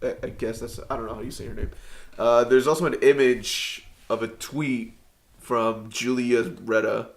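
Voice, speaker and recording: A man's voice: mid-range voice, steady tone, moderate pace. A man co-hosting a podcast in a casual way, reading an article aloud with stumbles and frequent laughter. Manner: laughs often, reads with stumbles. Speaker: podcast co-host.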